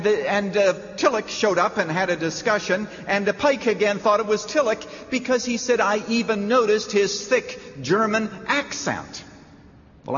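A man preaching a sermon in a church, emphatic, with dramatic pauses. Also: a little high. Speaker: pastor. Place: church sanctuary. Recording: reverberant church hall, dull lo-fi sound.

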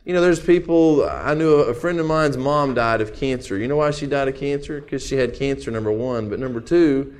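A man preaching a sermon in a jokey, animated way, reading funny letters and laughing along. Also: medium pitch, a little fast, few pauses. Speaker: pastor.

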